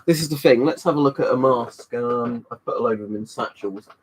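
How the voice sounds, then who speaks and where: A man's voice: mid-range voice, fairly quick, slight background noise. A young man hosting a casual live stream from home, reading viewer comments in a rambling, chatty way, slightly tipsy from a drink. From United Kingdom. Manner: rambling and chatty, with frequent "um" and "you know". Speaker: livestream host. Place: room at home.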